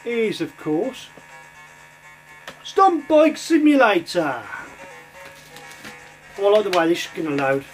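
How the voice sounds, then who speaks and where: Chatty high-voiced man reviewing games. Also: sing-song, takes it slowly, pauses often, faint music behind. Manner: chatty, rambling, lots of ums and uhs. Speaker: retro game reviewer. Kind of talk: casual gameplay commentary.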